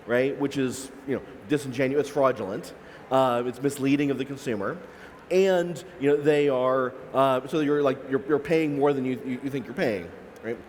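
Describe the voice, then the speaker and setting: A man's voice: mid-range voice, moderate pace, a little mellow. A man on a panel, explaining analytically, with frequent restarts and "right?" asides. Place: large expo hall. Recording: echoey expo hall with faint noise.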